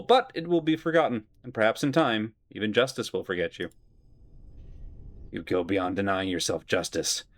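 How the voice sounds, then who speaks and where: A cold, calculating immortal man from a fantasy game, given voice by a man, speaking in measured and final tones. The pitch is low and the recording is dry and close. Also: fairly bright tone, no room sound. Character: cold calculating male immortal, past self.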